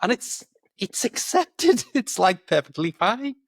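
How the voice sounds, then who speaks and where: A man who coaches English, chatting in a lively, animated way about British expressions, laughing easily and often saying "do you know". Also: high-pitched, slow pace, creaky, no room sound, studio quality.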